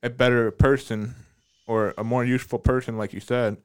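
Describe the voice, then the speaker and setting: A deaf man talking casually on a podcast, halting and often repeating his words. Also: mid-range voice, flat delivery, clear, resonant tone. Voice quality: speech of a deaf speaker. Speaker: podcast regular.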